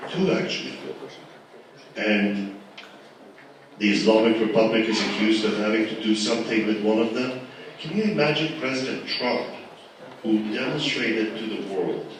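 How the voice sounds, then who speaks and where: A man moderating a panel at a live event, speaking forcefully with repeated rhetorical questions. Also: fairly low pitch. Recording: echoey hall from far off, noisy.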